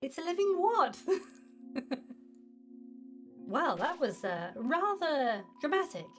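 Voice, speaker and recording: Animated woman gaming host, high lively voice, chatty. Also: a little slow, faint music behind. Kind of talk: casual game commentary.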